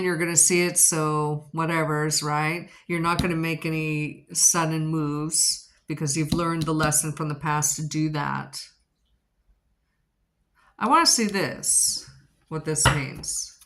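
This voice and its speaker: A woman's voice: sits low, a bit bright. A woman giving a rambling, chatty tarot reading, repeating her questions to the cards and a little out of breath. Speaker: tarot reader.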